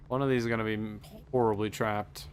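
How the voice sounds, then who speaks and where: A man's voice: on the low side, fairly even intonation, fast talker, slight background noise. Wry man commenting on a game. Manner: wry, sarcastic joking. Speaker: let's play host.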